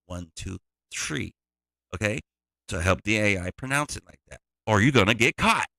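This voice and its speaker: A man's voice: lowish voice, animated, fairly quick, bright, forceful tone, dry recording. A man, a music producer, giving a loose, digressive tutorial walkthrough.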